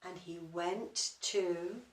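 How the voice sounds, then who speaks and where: A woman's voice: fairly low pitch, steady tone, drawn-out words, slight background noise. A woman reading a children's story aloud and asking the young listeners questions along the way. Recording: roomy echo, distant mic.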